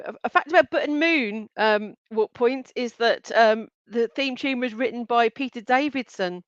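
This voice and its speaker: A bright-voiced woman hosts a live online quiz, chatting between questions and often breaking into a giggle. Her voice is smooth and clear but sits a little high. The sound is dry and slightly dull, like lo-fi stream audio. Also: normal speed, hardly any pauses, no room sound. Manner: chatty, reads out answer options and names, giggles often. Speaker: quiz host.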